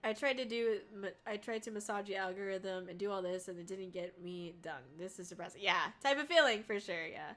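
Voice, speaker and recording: Bright-voiced tearful woman streamer. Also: medium pitch, a little fast, hardly any pauses. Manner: swearing freely, laughing and choking up. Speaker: VTuber streamer. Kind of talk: casual live-stream chat reading viewer messages.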